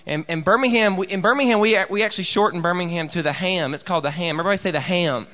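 A man's voice: high voice, racing, sharp tone. A man in his thirties from Alabama with a Southern accent, a youth pastor preaching to teenagers at a conference, folksy and joking, getting the crowd to call back. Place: large church auditorium. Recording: echoey hall reverb.

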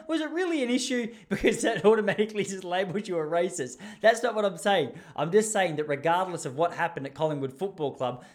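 Rambling, jokey Australian man. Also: on the high side. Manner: rambling, jokey, animated storytelling with laughs. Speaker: podcast host. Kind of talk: casual chat.

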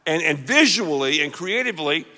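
A man preaching a sermon, leading the congregation to repeat lines back to him in an animated way. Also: fairly high pitch, moderate pace, long reverb tail. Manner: animated, call-and-response with congregation. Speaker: pastor.

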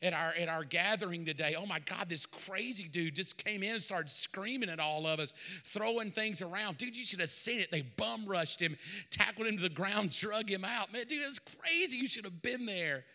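Preacher doing a hyped young church guy spilling gossip, high bright voice, big hall echo. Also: normal speed, heavily acted. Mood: excited. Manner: breathless, gossipy, slangy. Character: excited young male churchgoer gossiping online. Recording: long hall reverb.

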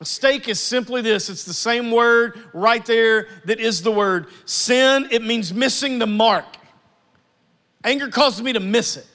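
A man's voice: very high-pitched, measured pace. Guy preaching a sermon, acts out little scenes, long reverb from a big hall. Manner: animated preaching, acting out family scenes. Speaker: pastor.

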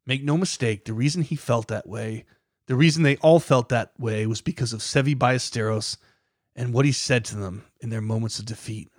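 A man's voice: mid-range voice, moderate pace, dry recording, clean studio sound. A man hosting a podcast, reading scripted documentary narration with a dramatic, building emphasis. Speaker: podcast host.

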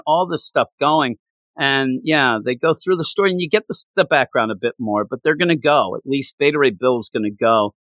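Excitable man gushing about comics. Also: mid-range voice, moderate pace, dry recording. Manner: excitable, gushing, frequent restarts. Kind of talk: casual comic book review chat.

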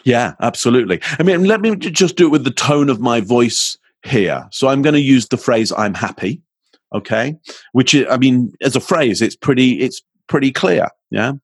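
Husky-voiced man explaining body language. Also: mid-range voice, expressive, normal speed, no room sound. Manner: explanatory, demonstrates intonation with his voice. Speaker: communications expert guest. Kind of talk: podcast interview.

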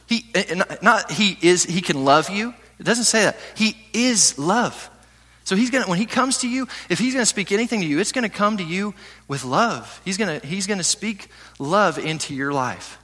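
A man preaching a sermon as pastor, reading scripture slowly and asking his listeners questions. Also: high voice, breathy edge. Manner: animated preaching, reads scripture slowly, asks the audience questions.

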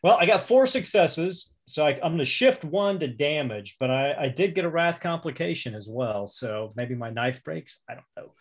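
A man's voice: a little high, expressive, moderate pace, few pauses. A man playing a tabletop role-playing game, thinking aloud as he describes his character's actions and rolls. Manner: chatty, thinks aloud with fillers. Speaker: player.

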